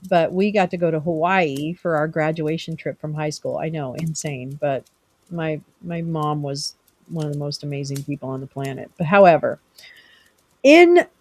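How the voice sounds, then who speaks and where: A woman's voice: fairly low pitch, a little mellow. A middle-aged woman from California, hosting a live stream and chatting casually with viewers, rambling and teasing them by name.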